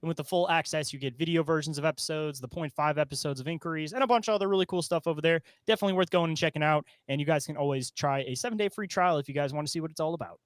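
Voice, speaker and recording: A man's voice: fairly high pitch, rapid-fire, hardly any pauses, dry recording. A man co-hosting a casual comedic podcast, joking and laughing often. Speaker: podcast co-host.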